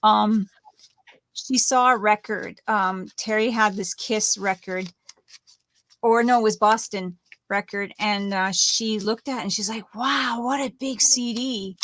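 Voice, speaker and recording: A woman's voice: medium pitch, steady tone, measured pace, a bit bright, no echo. Middle-aged woman, chatty co-host, rambling stories, dry close sound. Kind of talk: casual chat while crafting.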